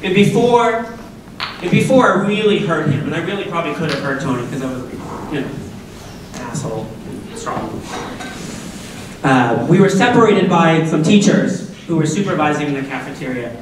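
Animated and a bit high-voiced, a middle-aged man from Massachusetts, USA, speaks at normal speed while recounting a personal story at a school assembly, with audience questions and jokey asides. He sounds far away in a very echoey hall over a noisy background.

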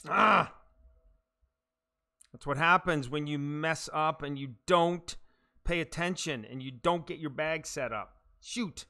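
Slow-talking man with a bright, forceful voice. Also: a little high. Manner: reacts aloud to his own shots, frustrated and self-mocking, swears, chats to viewers. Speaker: live game streamer. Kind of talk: live gameplay commentary.

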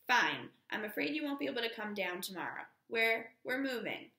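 A woman voicing an earnest, worried young boy who answers in hurried, nervous replies, in a storybook reading. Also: a little high, big pitch swings, bright, forceful tone, roomy sound, full character voice. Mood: anxious.

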